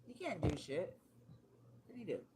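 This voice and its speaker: A woman's voice: on the low side, big pitch swings, normal speed. Woman streamer venting while decorating cakes, blunt and cussing, lots of hiss behind her. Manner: blunt, profane, exasperated. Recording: noisy home recording.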